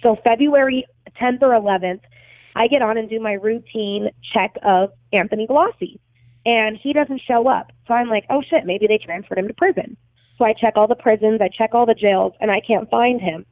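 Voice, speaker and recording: Appearing as a podcast guest, a young adult woman tells what happened in an emotional interview, bluntly and with agitation and heavy swearing. Her voice is a bit high and her speed normal, heard over a dry, tinny, phone-like line.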